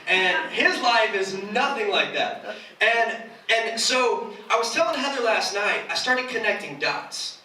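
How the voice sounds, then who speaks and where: With lively intonation and a high voice, a man gives a self-mocking, joking sermon at a slightly slow pace. The recording sounds distant and echoey, as in a church hall, and a crowd can be heard in the background.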